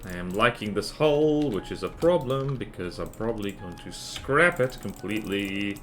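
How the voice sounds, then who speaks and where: A man's voice: on the low side, normal speed, a little hiss or hum. A man streaming a game, giving casual, joking commentary and talking to himself. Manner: animated, jokey self-talk.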